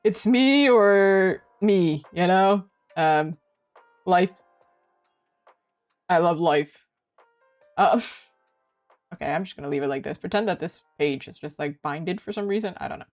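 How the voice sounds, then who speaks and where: A woman's voice: measured pace, pauses often. A young woman from Canada, an art streamer, chatting casually and giggling as she talks. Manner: chatty and giggly, lively swings in pitch. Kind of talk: casual live-stream chat. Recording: faint music behind.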